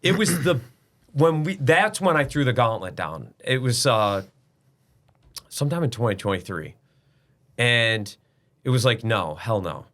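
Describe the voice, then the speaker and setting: A man's voice: medium pitch, sing-song, measured pace, pauses often, a bit bright. A middle-aged man, a business owner guest, talking bluntly and emphatically in a casual interview, now and then swearing.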